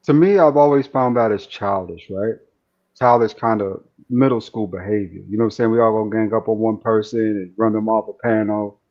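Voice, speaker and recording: A man, calmly analyzing other streamers in casual chat, often asking "you know what I'm saying". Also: on the low side, a little fast. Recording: dull lo-fi stream audio.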